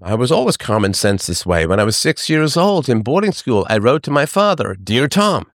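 A middle-aged man hosting a livestream, talking to his chat in a sarcastic, animated monologue. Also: a little fast, no room sound, clean studio sound. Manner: animated, sarcastic, mimics others in higher voices. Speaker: livestream host. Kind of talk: casual monologue to live chat.

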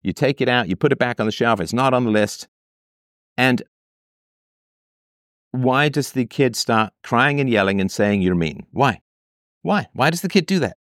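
Man, commentary host, mid pitch, argumentative, rhetorical, dry close-miked sound. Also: lively intonation, normal speed, long pauses, fairly bright tone, dry recording. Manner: argumentative, rhetorical questions, mocking quoted voices. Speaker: host reacting to a listener's letter.

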